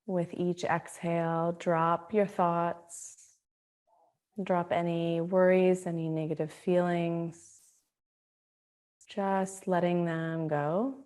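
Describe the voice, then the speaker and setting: A woman teaching a guided meditation, speaking in a slow, soothing, gently inviting way. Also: on the low side, little pitch movement, smooth. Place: Australia.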